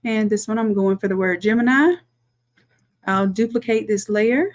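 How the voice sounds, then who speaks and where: A woman, a design instructor chatting through a live-streamed software tutorial, talking to viewers as y'all and thinking aloud as she works. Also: medium pitch, normal speed.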